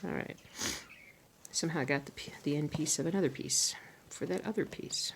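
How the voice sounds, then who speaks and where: A lowish, gravelly woman's voice that swings around a lot as she talks. She chats casually and sleepily while she stitches, half to her viewers and half to herself. Faint noise sits behind her. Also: expressive, normal speed. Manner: chatty, talks to herself, soft muttered asides. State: tired and yawning. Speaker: crafting vlogger.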